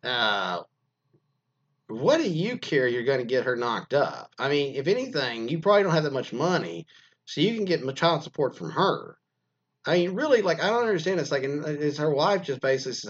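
A man's voice: medium pitch, sing-song, moderate pace, breathy edge, dull audio. A man hosting a podcast, reading anonymous stories and riffing on them with crude, rambling jokes. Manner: crude, joking, rambling, laughs often. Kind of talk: casual comic commentary.

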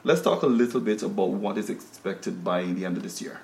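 A man's voice: fairly low pitch, brisk, gravelly, a little mellow, echoey room, slight background noise. A man with a Guyanese accent hosting a studio panel discussion, talking conversationally with frequent fillers and restarts. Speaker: talk show host.

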